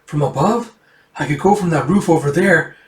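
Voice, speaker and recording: A man voicing a brash young male raider in a hurried, raised voice. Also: fairly high pitch, close to an everyday voice. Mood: anxious. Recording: echoey room, distant mic.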